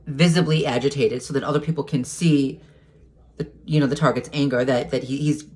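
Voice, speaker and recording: A man's voice: mid-range voice, fairly even intonation, brisk, darkish tone. A man talking to camera in a casual monologue, agitated and hesitant, stumbling over restarts and repeated words and swearing heatedly. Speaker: vlogger.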